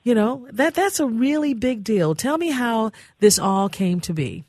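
A woman's voice: on the high side, lively intonation, measured pace, a little mellow, dry recording, clean studio sound. A woman hosting a radio talk show, chatty and effusive, often laughing. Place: radio studio.

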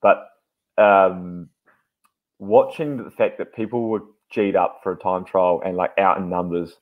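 A man's voice: deep voice, lively intonation, unhurried, gravelly, phone-quality sound. A man co-hosting a podcast, joking and chatting loosely in fits and starts. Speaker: podcast co-host. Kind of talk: casual banter.

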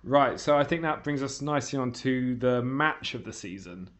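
A man's voice: medium pitch, lively intonation, moderate pace, a bit bright. A man hosting a casual football fan podcast. He talks in a reflective way and steers the conversation. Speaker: podcast host.

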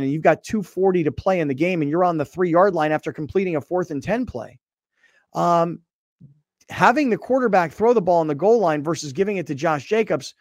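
Opinionated sports host, bright dry voice. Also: male voice, a little high, dry recording. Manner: opinionated, emphatic. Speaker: sports talk show host. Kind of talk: casual sports talk.

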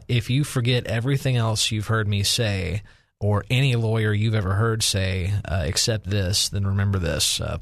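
A man's voice: fairly low pitch, gravelly, no room sound, clean studio sound. A man, an attorney on a radio talk show, explaining legal advice step by step. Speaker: attorney guest.

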